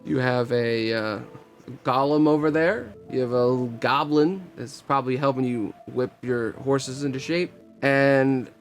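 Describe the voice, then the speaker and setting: A man's voice: medium pitch, measured pace, soft background music, close to an everyday voice. A man voicing a pompous, bossy middle-aged repairman who bullies his helper and fawns on customers. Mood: smarmy. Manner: pompous, overbearing, oily to customers.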